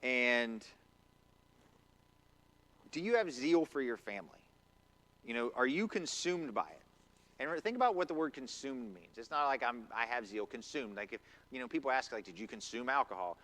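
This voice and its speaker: A man's voice: medium pitch, expressive, moderate pace, long pauses, a bit bright. A man preaching a conversational sermon in a church, acting out quotes as he goes. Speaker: pastor. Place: church sanctuary.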